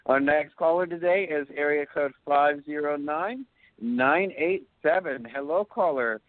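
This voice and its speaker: A man's voice: on the high side, no echo. A man hosting a call-in radio show, giving soothing psychic readings and often checking in with "okay?". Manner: soothing, drawn-out pronouncements with frequent "okay?". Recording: dry phone-line sound.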